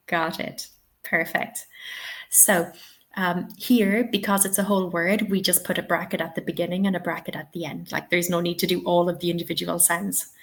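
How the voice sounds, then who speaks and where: Encouraging woman teaching a webinar. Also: on the low side. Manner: encouraging, checks in with "okay?" and "yeah?". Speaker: TEFL trainer.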